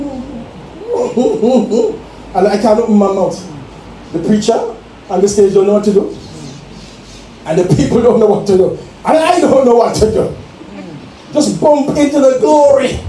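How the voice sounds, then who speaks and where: Pastor, high-pitched and mellow, heard from afar in an echoey sanctuary, exuberant call-and-response preaching. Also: male voice. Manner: exuberant, calls for responses, laughs. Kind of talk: Pentecostal sermon. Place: church sanctuary. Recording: echoey church room from far off, faint noise.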